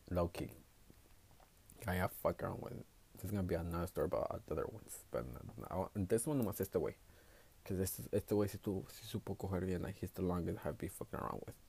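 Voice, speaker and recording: Low and darkish with a breathy edge, this man's voice carries a casual solo podcast monologue. He's the host, and he talks bluntly, curses a lot, and slides between Spanish and English.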